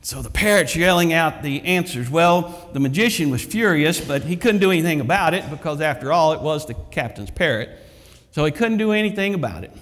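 Preacher man, tells stories, repeats stuff, kinda high voice, echoey hall. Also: animated, fairly quick, fairly bright tone. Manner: repetitive, storytelling, emphatic. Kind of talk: sermon.

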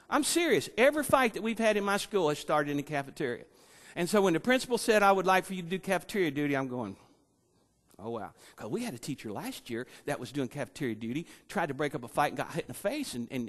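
A man preaching a sermon, telling personal stories in an animated way and acting out the voices he quotes. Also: fairly high pitch, quick pace, in a large hall. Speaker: lay preacher and schoolteacher.

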